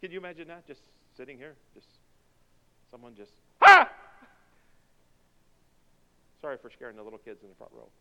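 In a church sanctuary, a male pastor preaches a sermon driven by emphatic, repeated rhetorical questions. He talks fast with an expressive, medium-pitched voice and vocal fry, over slight background noise, and the dull recording carries long hall reverb.

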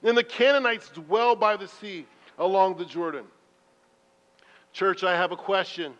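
A man with a high voice preaches in a church sanctuary. He tells his stories in a chatty, self-deprecating way and now and then breaks into loud bursts. The sound is muffled, with a long hall echo. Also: measured pace. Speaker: pastor. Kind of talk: sermon. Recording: muffled reverberant hall recording.

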